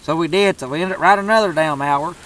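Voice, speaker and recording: A man's voice: on the high side, fast talker, fairly bright tone, poor audio. A man telling a turkey hunting story in a drawling, profane, laid-back way. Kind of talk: casual storytelling.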